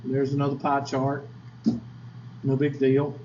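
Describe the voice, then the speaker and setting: A man's voice: medium pitch, completely flat delivery, measured pace, darkish tone, highs cut off, slight background noise. Chatty man lecturing in an echoey classroom. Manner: folksy, chatty asides and quizzing the class. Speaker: statistics teacher.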